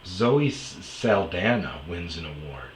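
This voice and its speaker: A man's voice: deep voice, expressive, slow pace, reverberant, a little hiss or hum, poor audio. A man from Wisconsin telling a personal story as a podcast host, blunt, candid and profane. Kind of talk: storytelling monologue.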